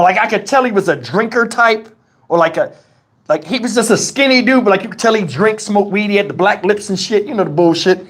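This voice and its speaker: A man hosts a livestream and tells a story in an animated, profane and colloquial way. His voice is husky, and his pitch rises and falls a lot. He is recorded on a clip-on lapel mic. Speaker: channel host. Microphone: wireless lapel mic.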